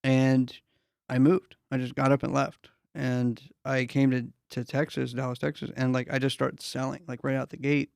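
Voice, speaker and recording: A man's voice: mid-range voice, level tone, normal speed, gravelly, a little mellow, clear, resonant tone, no echo, studio quality. A man from the East Coast, hosting a podcast, talking in a laid-back, rambling way with many fillers. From East Coast of the USA. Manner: laid-back, rambling, full of "like" and "you know". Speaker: podcast host. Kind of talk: casual interview talk.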